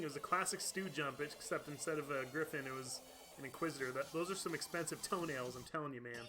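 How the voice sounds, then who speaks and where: A man's voice: fairly high pitch, fast, music in the background. A man streaming a video game live, chatting casually, laughing often and thanking viewers by name. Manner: chatty, laughs often, reads out chat names and thanks donors. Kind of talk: casual live-stream chat over gameplay.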